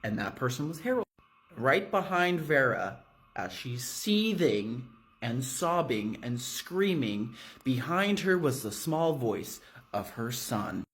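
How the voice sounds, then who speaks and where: A man spins a dark horror tale in a casual, loose way, swearing and leaning on fillers. His voice sits at a middling pitch. He speaks from a hotel room. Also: very animated, slow pace. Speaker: storyteller. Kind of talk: horror storytime narration.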